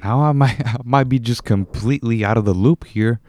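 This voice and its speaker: A man's voice: medium pitch, brisk, dark tone, no echo. A young man hosting a solo podcast, rambling casually, correcting himself and chuckling now and then. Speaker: podcast host.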